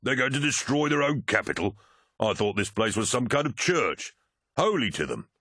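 A man voicing a fierce, brutal male warrior captain who barks his words loudly and scornfully. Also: medium pitch, sing-song, moderate pace, husky, no echo, clean studio sound, pitched above the performer's own voice, heavily acted. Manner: loud, barking, scornful.

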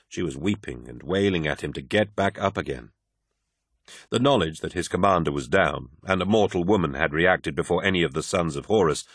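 A man narrates an epic battle story with grave, measured weight. His voice sits very low and the recording is bone dry, with no room around it. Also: fairly bright tone, no echo. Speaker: audiobook narrator. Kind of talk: dramatic scripted narration.

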